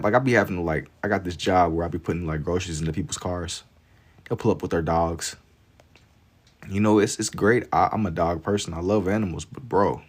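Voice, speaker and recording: A man's voice: low-pitched, husky. A young man with a way of talking, drawing on a livestream and chatting easily with his viewers. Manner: laid-back, reads and answers chat while drawing. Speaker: livestream artist. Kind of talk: casual livestream chat.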